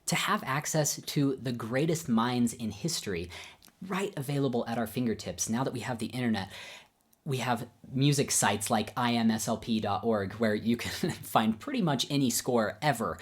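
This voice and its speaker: A man chats casually about his life as a pianist and teacher. His manner is friendly and self-deprecating. His voice sits at a medium pitch. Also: normal speed, slightly rough. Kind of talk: casual personal storytelling.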